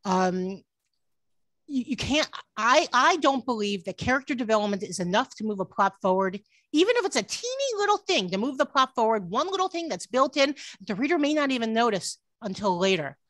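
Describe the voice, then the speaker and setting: A woman who works as a book editor gives an online workshop talk from home over a video call, picked up by her computer mic. She is earnest and often restarts sentences with "um," speaking a little fast in a fairly bright, highish voice with big pitch swings and no echo.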